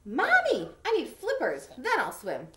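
A woman voicing a young male frog in a storybook, whiny and stalling, with a high squeaky whine, in an echoey room. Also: huge pitch swings, measured pace, fairly bright tone, full character voice. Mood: pleading.

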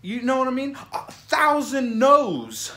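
A man from Florida with a high voice hosts a casual music reaction show. He rambles with eager energy, circling back to the same points. He keeps throwing in "man" and "you know what I'm saying" as he talks. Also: big pitch swings, slow pace, bright, forceful tone. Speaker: music reaction vlog host. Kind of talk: casual enthusiastic commentary.

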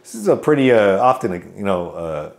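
A man's voice: on the low side, sing-song, a little fast, creaky. A man in his thirties from California, an army veteran guest who tells his stories in a loose, rambling way full of fillers and restarts. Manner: outgoing joker telling stories. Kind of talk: casual interview storytelling.

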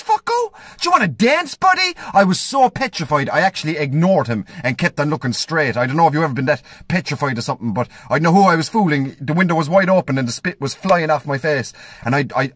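An Irish man tells a comic story in a deadpan voice, pitched a little high. The sound is dry and close. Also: no room sound.

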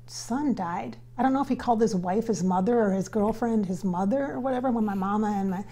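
A woman's voice: mid-range voice, fairly quick, dark tone, slight background noise. A woman working as a spiritual medium, relaying a spirit's words in an earnest, casual way and repeating phrases for emphasis while she talks to her viewers. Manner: relays spirit's words in quotes, speaks to viewers as "you guys". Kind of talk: casual channeling session addressed to viewers.

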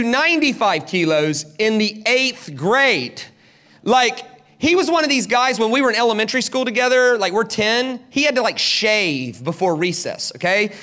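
A man from South Carolina, a guest preacher telling stories in an animated, dramatic sermon at a church service. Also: high voice. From South Carolina, USA. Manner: animated, dramatic, acts out quotes. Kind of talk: storytelling sermon. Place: church service, large hall.

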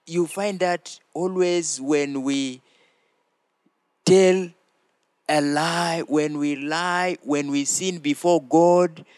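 Slow, deliberate man teaching children. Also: fairly high pitch, steady tone, darkish tone, no room sound. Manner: slow, deliberate, prompting listeners to repeat phrases. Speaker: children's church show host. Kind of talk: teaching children with call-and-response.

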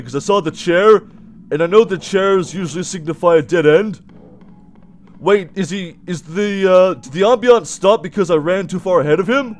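A man giving jumpy, excitable commentary while playing a horror game, often yelling and laughing nervously. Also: high-pitched. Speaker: let's play gamer.

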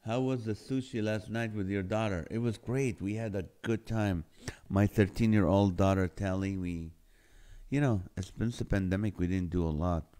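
A middle-aged man hosts a live stream, his fairly low, warm voice moving at normal speed. He reads viewer comments aloud in casual chat, jokey and playful, laughing often at the jokes.

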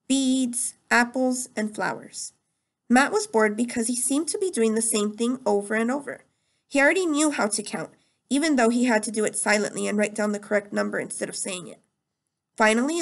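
Teacher lady reading a chapter out loud, kinda high, gravelly fry. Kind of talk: reading a novel aloud.

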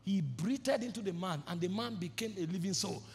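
Male pastor, very high voice, fervent shouted sermon; long hall reverb. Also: lively intonation, a little fast. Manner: fervent, shouting preacher with repeated declarations. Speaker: apostle preaching.

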